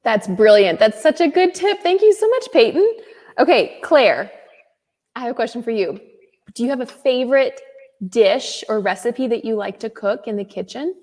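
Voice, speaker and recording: A woman's voice: fairly high pitch, expressive, moderate pace, darkish tone. A woman hosting an interview, asking a guest and her children friendly, encouraging questions in an upbeat manner. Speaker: host. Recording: echoey room sound.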